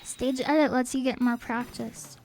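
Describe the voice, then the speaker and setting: A woman's voice: a little high, fairly even intonation, moderate pace, a little mellow, rough recording. A woman streamer chatting in a rambling, playful way while playing a game, a little sniffly. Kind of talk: casual game stream chat. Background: faint game music.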